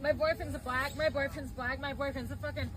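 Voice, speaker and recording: A high-pitched woman hurls taunts and abuse at bystanders. She is outdoors by a street. Loud traffic noise fills the phone clip behind her. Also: fairly even intonation, brisk. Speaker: woman filmed in public.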